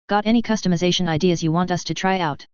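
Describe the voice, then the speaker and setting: A woman voicing an enthusiastic male aircraft mechanic in her own lowish voice, on a dull, dry recording. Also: fast, smooth, dry recording, lightly acted. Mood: cheerful. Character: male aircraft mechanic, gushing over fighters.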